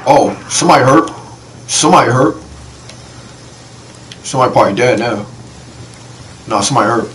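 A young man giving casual, slangy let's-play commentary, reacting to the game with quick excited exclamations. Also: medium pitch, distant mic, poor audio. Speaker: gaming channel host. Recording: voice a bit off-mic with faint noise.

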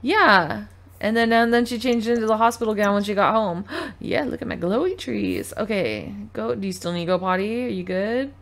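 A woman's voice: medium pitch, lively intonation, normal speed, creaky. Chatty woman narrating her gameplay. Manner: chatty, scolding her game characters. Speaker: gaming video host. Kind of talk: casual gameplay commentary. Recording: game music loud under voice. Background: game music and baby cries.

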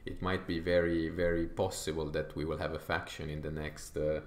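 A man's voice: extremely low pitch, level tone, normal speed, reverberant. A man from Italy with an Italian accent, thinking aloud with frequent fillers as he comments on his strategy game playthrough. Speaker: gaming YouTuber.

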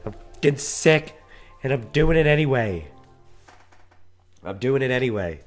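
A man with a sick, hoarse voice hosting his own podcast in casual talk, swearing and running himself down. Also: medium pitch, lively intonation, a little slow, faint music behind. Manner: self-deprecating, swears casually. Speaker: podcast host. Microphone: podcast mic.

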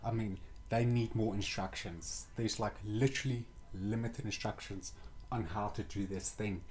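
A man's voice: lowish voice, steady tone, normal speed, a little mellow, a little hiss or hum. A young man reviewing a toy kit in a casual vlog, muttering and sighing with exasperation as he paints.

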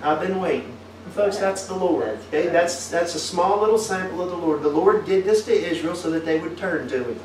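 A man's voice: high-pitched, brisk, few pauses, a little mellow, slight background noise. A man preaching a folksy sermon, tossing questions back at his congregation. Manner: asks the congregation many tag questions. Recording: echoey room picked up from a distance.

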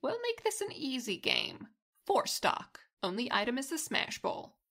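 A woman's voice: high voice, huge pitch swings, unhurried, vocal fry, fairly bright tone, full character voice. A woman playing a cocky young gamer who needles her rival with provocative taunts. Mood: taunting.

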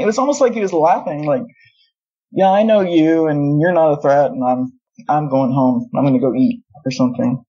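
A woman tells her story in a husky, mellow voice. She rambles and wanders into asides, correcting herself as she goes. The sound is dull and lo-fi. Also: sits low. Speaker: guest. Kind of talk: casual storytelling. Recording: dull lo-fi audio.

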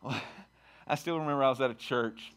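A man preaching a sermon as pastor, emphatic and repetitive, swinging from shouted lines to quiet asides. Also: medium pitch, fairly quick. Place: church sanctuary.

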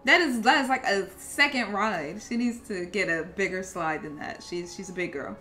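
A woman's voice: mid-range voice, moderate pace, pushed and bright, faint music behind. A young woman giving chatty, casual commentary while playing a video game. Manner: chatty, reacts aloud to the game. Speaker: gameplay streamer. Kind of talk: casual let's-play commentary.

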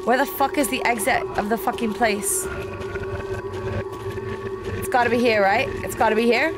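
A woman's voice: fairly high pitch, fairly even intonation, moderate pace, loud music behind the voice. A young woman streaming a horror game, talking nervously to herself, jumpy and swearing as she plays. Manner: nervous self-talk. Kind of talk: horror game let's play commentary. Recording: noisy background.

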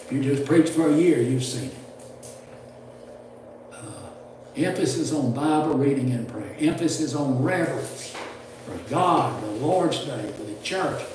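Speaking at a medium pitch, a little slowly and with long pauses, an older man animatedly instructs preachers in a church classroom. His sermon style is folksy and rambling, full of restarts and chuckles, recorded roomy on a distant mic with faint ambience and background noise.

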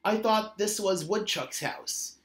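A man's voice: high-pitched, slow, a bit bright. A man voicing an eager, cheerful young male otter in a read-aloud storybook. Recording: roomy echo.

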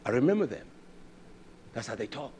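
A man preaching a fiery sermon, booming at times and dropping to low asides to his congregation, with blunt curses and Hebrew terms mixed in. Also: very animated, a little fast, background noise. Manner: fiery, swings between loud declaiming and low asides to the congregation.

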